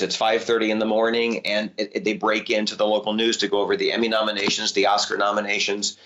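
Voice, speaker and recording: A man telling stories from his career in an easy, chatty way. He gets excited and his voice jumps up as he talks. The sound is a little dull and lo-fi. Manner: lively, jumps up in pitch when excited. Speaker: voice actor guest. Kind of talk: casual interview storytelling.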